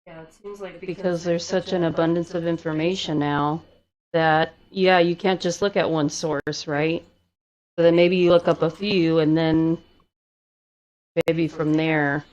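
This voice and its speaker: A woman in casual podcast chat, calm and reasoned, thinking aloud. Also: low voice, measured pace, lo-fi sound.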